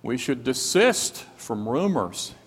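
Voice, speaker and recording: A man's voice: medium pitch, sing-song, slow pace, husky. A man preaching a sermon as pastor, earnest and emphatic, rising into exhortation. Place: church sanctuary. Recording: long hall reverb.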